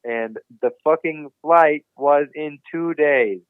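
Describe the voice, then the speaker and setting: A young man, a guest on a podcast, telling a story in casual, animated talk and swearing constantly. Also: on the high side, takes it slowly, clear, resonant tone, no room sound. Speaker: podcast guest, BMX rider. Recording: dry, phone-like narrow sound.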